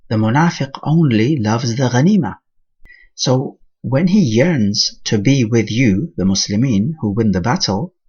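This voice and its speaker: A man's voice: medium pitch, a little mellow, husky, dull audio. A man teaching a Quran lesson, reciting Arabic verses and explaining them word by word.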